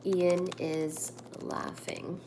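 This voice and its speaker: A woman's voice: on the low side, huge pitch swings, extremely slow, creaky, background noise. A woman hosting a casual live stream from home, chatting with viewers and reading their comments aloud. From India. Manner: chatty, reads viewer comments aloud, coos at her cat. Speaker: livestream host. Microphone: laptop.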